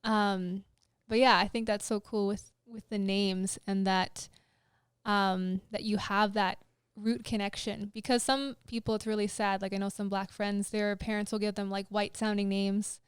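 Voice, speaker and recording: Female co-host, smooth resonant tone, rambling questions, dry close mic. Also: medium pitch, flat delivery, unhurried, no room sound. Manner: rambling, warm praise, many "like"s and restarts. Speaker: podcast co-host. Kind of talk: casual interview chat.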